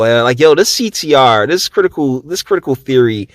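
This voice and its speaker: Brief: sarcastic profane vlogger, thirties, lively swooping voice, dry close sound. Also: male voice, medium pitch, normal speed, dry recording. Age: 30s. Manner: sarcastic, profane, many restarts. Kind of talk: ranting commentary.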